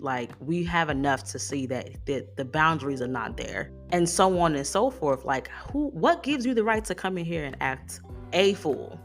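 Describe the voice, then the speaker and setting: A woman hosting a solo podcast, talking through a run of rhetorical questions in an animated, emphatic way. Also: sits low. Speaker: podcast host.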